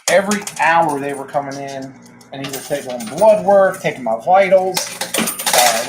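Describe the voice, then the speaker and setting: Man, out of breath, live-stream host, casual chatty talk, fairly high voice, clear clattering machine noise behind. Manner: chatty, talks to viewers by name and laughs often.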